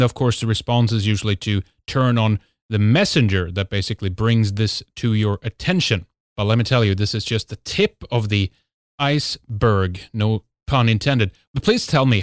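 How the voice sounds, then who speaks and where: A man's voice: fairly low pitch, no echo, clean studio sound. A man hosting a show, delivering an emphatic monologue full of rhetorical questions and fillers. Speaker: host. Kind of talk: monologue intro to a talk show.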